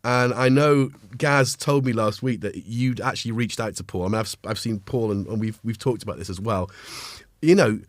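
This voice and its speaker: A man's voice: on the low side, normal speed, dry recording, studio quality. Chatty North Welsh man with a cold. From North Wales. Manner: chatty, greets viewers, jokey asides. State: has a cold. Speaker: livestream host. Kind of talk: casual live-stream chat.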